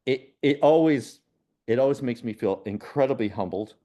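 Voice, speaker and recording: A man, a spiritual medium and podcast guest, telling personal stories in an earnest, unhurried way. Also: medium pitch. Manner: earnest, unhurried, with soft laughs and restarts. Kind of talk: reflective personal storytelling in a podcast conversation.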